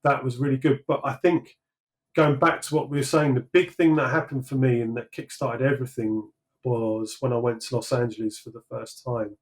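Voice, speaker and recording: British man, mid-pitched voice, casual interview chat, halting, lots of fillers and restarts. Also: fairly even intonation, rough recording. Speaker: sculptor guest.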